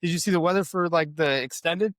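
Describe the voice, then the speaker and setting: A man's voice: fairly high pitch, fairly quick, no room sound. A man, co-hosting a podcast in rambling, self-deprecating casual chat. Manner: rambling, self-deprecating, with many fillers and restarts. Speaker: podcast co-host.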